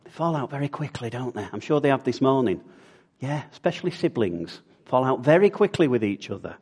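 A man's voice: medium pitch, expressive, brisk, a little mellow, breathy edge. A man preaching a sermon in a conversational way, often putting questions to the congregation.

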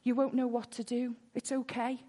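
A woman's voice: on the high side, little pitch movement, normal speed, warm tone. Earnest woman preaching. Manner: earnest, repeats words when worked up. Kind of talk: sermon with personal testimony.

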